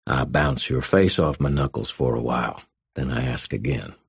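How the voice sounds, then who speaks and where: A man voicing a big, calm rural campus police officer who speaks in a slow drawl. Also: extremely low pitch, gravelly, breathy edge, no echo, studio quality, full character voice. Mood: blunt.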